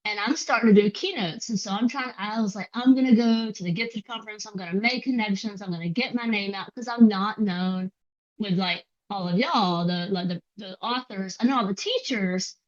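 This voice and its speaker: A woman guest on a podcast, chatting and telling stories in a casual, quick way with soft asides. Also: medium pitch, muffled recording. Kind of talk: casual interview chat.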